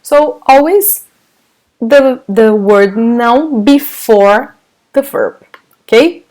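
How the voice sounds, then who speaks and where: Slow-speaking Brazilian woman teaching. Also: on the high side, lively intonation, a little mellow. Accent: Brazilian Portuguese. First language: Portuguese. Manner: patient, explains step by step, reads chat questions. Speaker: Portuguese teacher. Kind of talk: live online language class.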